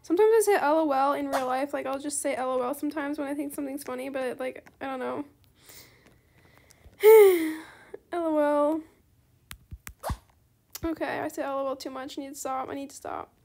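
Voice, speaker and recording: High-voiced woman with gravelly fry. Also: a little fast, a little hiss or hum. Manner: chatty, bursts into excited squeals. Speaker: gaming channel host. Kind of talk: casual gameplay commentary.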